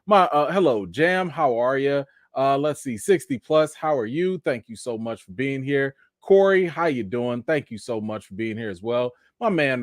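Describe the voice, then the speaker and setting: A man hosting a live stream with three young daughters, talking in a relaxed, chatty way and greeting viewers one by one, in a casual voice. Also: mid-range voice, no room sound. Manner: laid-back, chatty, greets viewers by name.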